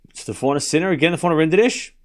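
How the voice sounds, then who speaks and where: A man's voice: on the high side, rapid-fire. An Australian man hosting a live tennis watchalong stream, calling the score in a casual, chatty way and often laughing at himself.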